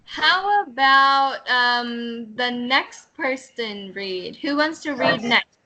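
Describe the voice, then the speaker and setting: High, bright-voiced woman teaching slowly. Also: animated, muffled recording. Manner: hesitant, self-correcting, laughs at herself. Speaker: English teacher. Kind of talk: online reading class. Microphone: video call.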